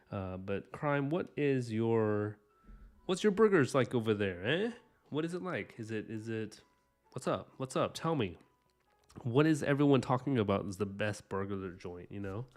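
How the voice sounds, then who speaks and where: Rambling, low-voiced male stream host. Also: a little mellow. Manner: rambling and enthusiastic, many "like"s and "you know"s. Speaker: livestream art host chatting with viewers. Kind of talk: casual live-stream chat.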